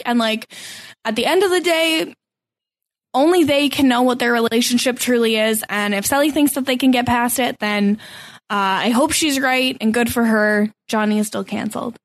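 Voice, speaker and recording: A woman with a high voice co-hosts a casual podcast recap. She laughs often and slips into quick acted-out quotes of the people she talks about. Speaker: podcast co-host.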